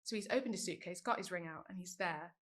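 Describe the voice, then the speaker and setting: A woman in her thirties, a guest on a podcast, telling a story in a lively, animated way and laughing as she goes. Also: fairly low pitch, quick pace. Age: 30s. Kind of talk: casual storytelling chat.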